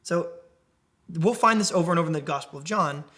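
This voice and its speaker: Guy preaching to a small group, kinda high voice, keeps asking questions. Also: brisk. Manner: animated, asks the group questions. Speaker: young adult ministry preacher. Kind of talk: conversational Bible teaching.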